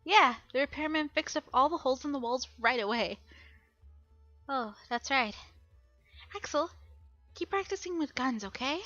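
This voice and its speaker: An earnest young heroine, voiced by a woman who speaks upbeat and encouraging in a slightly high, bright voice. The sound is dry and muffled, with faint music behind her. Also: lively intonation, normal speed, pauses often, no room sound.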